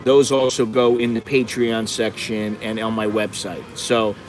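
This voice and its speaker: A low-voiced middle-aged American vlogger rants at a measured pace with a flat delivery, swearing heavily and drifting bluntly between stories on a live stream. A phone on a windowsill by a window captures it indoors, with city traffic outside, some hiss or hum and poor audio.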